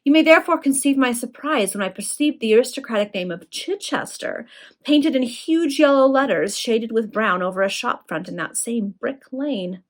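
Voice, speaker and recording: A woman reading the part of an ironic young gentleman who talks in a smooth, quietly mocking way. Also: fairly high pitch, expressive, moderate pace, pitched above the performer's own voice, lightly acted. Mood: polite irony.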